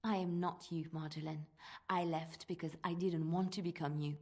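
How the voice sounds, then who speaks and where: A woman's voice: fairly low pitch, fairly even intonation, normal speed, a little mellow. An actress voicing a young woman bard in a video game who confronts her former mentor in a firm, earnest way. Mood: defiant.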